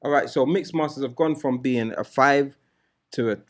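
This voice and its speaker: A man hosting a DJ podcast, chatting casually and telling animated stories with laughter. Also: mid-range voice, moderate pace. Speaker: podcast host.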